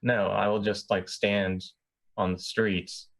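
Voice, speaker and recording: A man's voice: on the low side, little pitch movement, slow pace, vocal fry, fairly bright tone. A man in casual chat before a tabletop game, telling a meandering story with hesitations. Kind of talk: casual chat among players.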